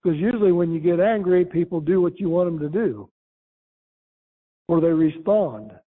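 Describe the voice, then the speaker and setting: A man preaching a sermon, reading scripture aloud and explaining it verse by verse, slowing down and rising when he quotes. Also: lively intonation, husky. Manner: rises in pitch when quoting scripture, slow and emphatic. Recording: tinny phone-like sound.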